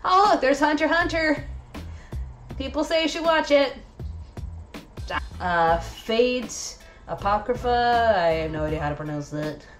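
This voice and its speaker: A woman's voice: fairly high pitch, animated, unhurried, long pauses, faint music behind. A woman hosting a casual anime review video, chatty and enthusiastic with lots of fillers.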